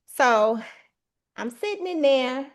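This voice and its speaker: A woman with a slightly high voice tells a long story over a video call. Her delivery is animated and emphatic, and she slips into other people's voices as she quotes them. The tone is casual and chatty. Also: slow pace. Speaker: guest sharing her exam success.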